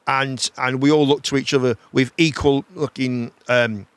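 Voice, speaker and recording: A man hosting a live chat show, rambling in a casual, animated way and swearing freely. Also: mid-range voice, normal speed, clean tone, no echo.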